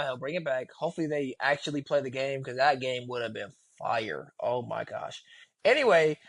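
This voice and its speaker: A man co-hosting a casual reaction podcast, talking in an animated, slangy way, his voice jumping up when he is exasperated. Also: fairly high pitch, no echo. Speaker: podcast co-host.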